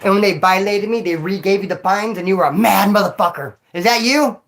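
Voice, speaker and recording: A man's voice: sits high, brisk, vocal fry, fairly bright tone. Slangy man telling prison stories. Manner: slangy, storytelling, addresses a viewer directly. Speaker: former prisoner streamer reading chat. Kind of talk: casual livestream chat and storytelling.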